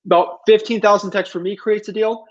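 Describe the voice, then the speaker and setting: A man's voice: sits high, fairly quick, lo-fi sound. A male host talking casually on a live video call, answering viewer questions and dealing with connection trouble. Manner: casual, relaxed, apologetic about tech trouble.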